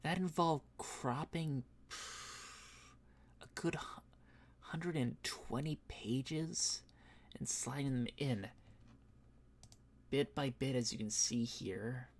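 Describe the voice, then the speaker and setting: A man who voice acts, chatting casually on a stream, rambling with fillers and soft laughs, a bit tired and yawning. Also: medium pitch, takes it slowly, pauses often. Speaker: voice actor and streamer.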